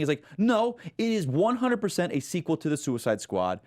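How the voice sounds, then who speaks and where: Animated man chatting about a film. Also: a little high, normal speed. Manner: animated, excitable, talks over co-host. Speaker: co-host of a movie news show. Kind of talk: casual film review chat.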